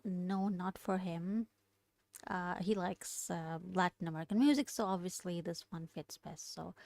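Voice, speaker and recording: A woman studying a language aloud, thinking out loud, hesitating and correcting herself as she works through exercises. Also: medium pitch, dry recording. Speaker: language learner streaming study session. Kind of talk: casual study-along lesson.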